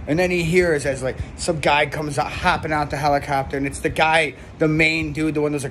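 A man's voice: a little high, flat delivery, fairly quick, hardly any pauses, a bit bright, slight background noise. Young man rambling through a comic story. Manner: rambling, heavy swearing, lots of "like". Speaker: comedian.

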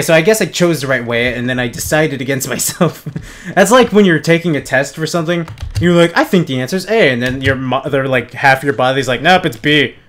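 A man's voice: mid-range voice, fairly bright tone. A young man doing let's play commentary, joking, swearing and yelping when startled. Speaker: gamer.

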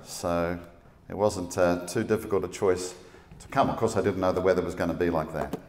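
A middle-aged man with an Australian accent giving a public lecture, laid-back and joking, talking quickly. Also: low voice, steady tone, a little mellow. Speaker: guest speaker. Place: large lecture hall. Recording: echoey hall with long reverb.

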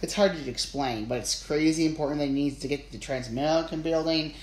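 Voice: medium pitch, quick pace, a little mellow, close to an everyday voice. A narrator voicing a nervous, rambling small-town policeman in an audiobook reading, recorded in a roomy space. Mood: earnest. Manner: flustered, rambling. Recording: roomy with faint ambience.

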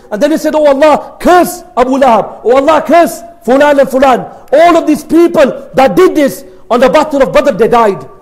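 A man with a strikingly high voice gives a religious lecture. He tells the story with emphasis, swinging between loud outbursts and hushed asides. He sounds like a father in his thirties. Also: rough recording.

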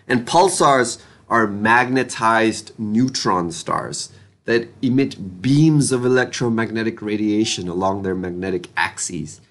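A man's voice: lowish voice, a bit bright. Slangy young man reviewing a novel. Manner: casual, slangy, enthusiastic. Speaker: book reviewer. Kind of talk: casual book review vlog.

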